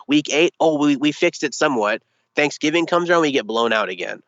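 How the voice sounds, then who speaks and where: A young man talks sports in a loose, animated way, piling up comic exasperation as he tells the story. His voice is bright and forceful. It comes through slightly dull, with a dry, close sound. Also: a little high, fairly quick, dry recording. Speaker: podcast guest, sports commentator. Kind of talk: casual sports chat.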